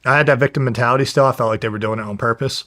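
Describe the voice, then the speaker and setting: A man's voice: medium pitch, steady tone, very fast, bright, forceful tone. A young man from New Jersey, a professional fighter, telling a story to an interviewer in a blunt, casual way, with constant swearing. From New Jersey, USA.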